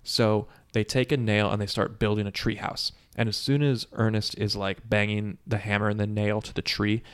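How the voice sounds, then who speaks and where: A man in casual chat, retelling a film scene by scene with quick impressions of the characters and plenty of swearing. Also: lowish voice, little pitch movement, clear, resonant tone. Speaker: podcast co-host recapping a movie.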